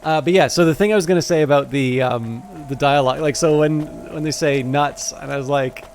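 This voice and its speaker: A man's voice: on the high side, a little fast, darkish tone, slight background noise. A man casually commenting while streaming a game, rambling and hesitant with many fillers. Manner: rambling, hesitant, self-deprecating. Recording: game music under voice.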